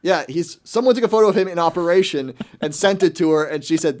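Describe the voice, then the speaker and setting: A man hosting a radio show, ranting in a quick, exasperated way and putting on mock quotes during casual chat. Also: fairly high pitch, a little mellow.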